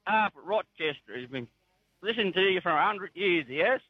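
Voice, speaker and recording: A man's voice: high voice, lively intonation, moderate pace, breathy edge, dry recording, highs cut off. A man with a broad rural Australian accent, calling a radio show and chatting in a laconic, drawling way. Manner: laconic, drawling, says mate a lot. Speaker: caller. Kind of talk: casual radio phone chat.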